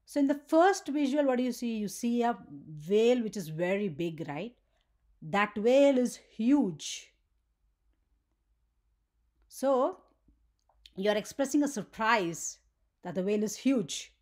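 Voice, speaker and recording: A woman's voice: on the high side, expressive, moderate pace, a little mellow. A woman teaching a grammar lesson for children, often checking in with "right?" and asking the viewer questions.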